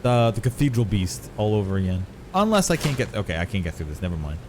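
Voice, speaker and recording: A man's voice: lowish voice, sing-song, fast, noisy background. A man streaming a video game, chatting casually with his viewers and swearing now and then. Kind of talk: casual gameplay commentary.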